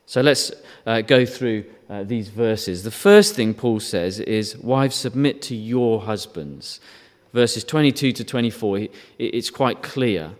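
A man's voice: on the low side, expressive, slow pace. A man preaching a sermon in a conversational way, asking rhetorical questions and briefly acting out quotes. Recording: long reverb.

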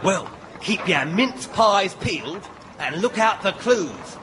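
A man's voice: sits high, lively intonation, takes it slowly. A man playing a comic tour guide in a comedy sketch, theatrical and hammy. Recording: noisy recording.

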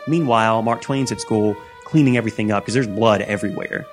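A man's voice: lowish voice, a little fast, few pauses, music in the background. A man hosting a podcast, casually recapping a movie and acting out lines in a rambling, joking way. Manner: rambling, jokey, acts out lines. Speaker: podcast host.

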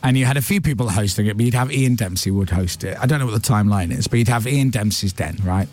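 A man hosting a radio breakfast show, telling stories in a chatty, animated way into a studio microphone. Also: on the low side, soft background music. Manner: chatty storyteller, quick and animated. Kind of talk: casual studio chat.

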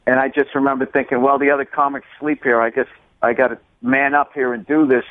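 A man's voice: mid-range voice, fast, no echo. A comedian telling stories in a casual interview, acting out voices as he goes. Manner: animated storyteller, acts out voices. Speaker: comedian guest. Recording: tinny phone-line sound, dry.

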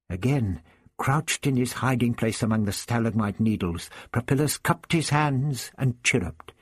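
A man reading an adventure story aloud as narrator, steady and measured. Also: on the low side, slightly rough, no room sound. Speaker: audiobook narrator. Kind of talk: scripted narration.

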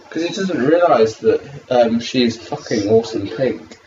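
A man's voice: medium pitch, animated, unhurried, darkish tone, a little hiss or hum. A man co-hosting a casual watch-along commentary, sardonic and swearing freely. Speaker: podcast co-host. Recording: dull lo-fi audio with music.

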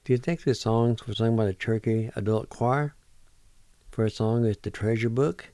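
A man hosting a radio language lesson, spelling words out and pronouncing each one slowly, syllable by syllable, in a patient, encouraging way. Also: mid-range voice, dark tone, no room sound. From Oklahoma, United States. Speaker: language teacher on a radio show. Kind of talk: slow spelling and pronunciation lesson.

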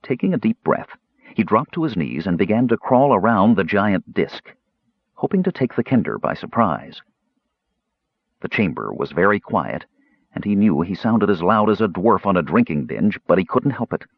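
Husky, low-voiced male audiobook narrator. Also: big pitch swings, normal speed, no echo. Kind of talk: scripted fantasy narration. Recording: dull lo-fi dry audio.

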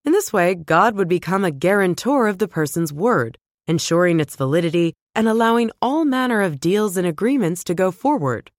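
A woman narrating a scripted book summary in an even, clear reading voice. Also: fairly low pitch, moderate pace, few pauses, dry recording, studio quality.

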